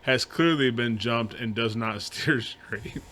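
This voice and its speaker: A man with a bright, forceful voice makes dry cracks and reads a listener question aloud on a casual podcast. A faint hiss of background noise runs under him. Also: medium pitch, slow. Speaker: podcast co-host. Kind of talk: casual chat.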